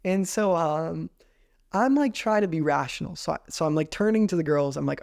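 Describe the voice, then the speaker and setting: A man in his twenties tells a story on his own podcast. He is animated and uses a lot of "like." His voice sits a little higher than most men's. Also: fairly quick, creaky. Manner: animated, heavy use of "like". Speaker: podcast host. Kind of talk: casual storytelling.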